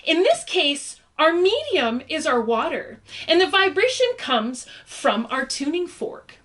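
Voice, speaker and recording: Brief: young woman science educator, playful kids' lesson, high and very animated, unhurried. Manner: playful, encouraging, asks the viewer questions. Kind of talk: online science lesson for children.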